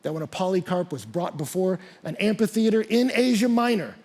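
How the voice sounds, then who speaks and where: A man's voice: high-pitched, expressive, fairly quick, a little mellow. A man pastor preaching a sermon, telling stories animatedly and acting out the quotes.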